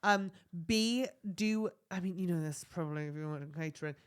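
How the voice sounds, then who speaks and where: A lower-voiced woman co-hosting a podcast. She rambles in a relaxed, easygoing way, filling gaps with ums as she gives tips. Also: moderate pace, clean tone. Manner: relaxed, rambling, full of fillers. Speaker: podcast co-host. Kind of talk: casual chat.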